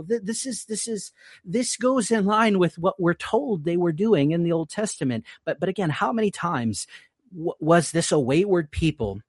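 A man's voice: animated, normal speed, husky, no echo, clean studio sound. A man hosting a live stream, giving religious commentary in an earnest, stumbling way, repeating words as he goes. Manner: earnest, repeats words often, rises in pitch when emphatic. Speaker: livestream host.

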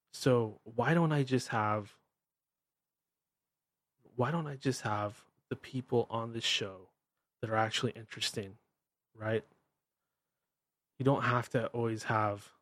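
A man's voice: medium pitch, dry recording. A man with a Pacific Northwest American accent hosting his show, ranting bluntly and irreverently. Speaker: podcast host. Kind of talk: ranting monologue.

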